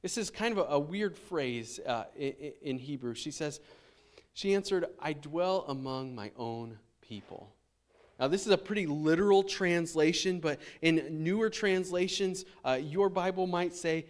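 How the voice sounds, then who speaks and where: A man's voice: fairly high pitch, normal speed. Conversational man preaching a sermon. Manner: conversational preaching with frequent restarts and fillers. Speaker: pastor. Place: church sanctuary.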